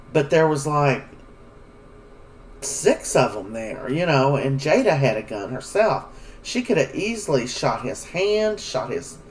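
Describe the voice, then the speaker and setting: A soap opera recap vlogger, a man with a slightly high voice, rambles casually through an episode recap, chatty and full of fillers. He is far from the mic, and the recording is low quality.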